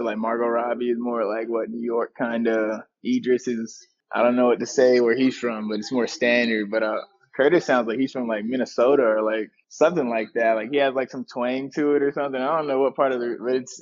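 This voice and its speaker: A man from the Atlanta area who is a minor league pitcher, talking in a relaxed, hesitant way and often saying "like". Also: muffled recording. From Atlanta area, USA. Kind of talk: casual interview.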